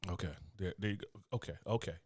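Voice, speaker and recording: A man's voice: sits low, quick pace, dry recording. An American man, a podcast host, talking in a blunt, profane, joking way in casual chat.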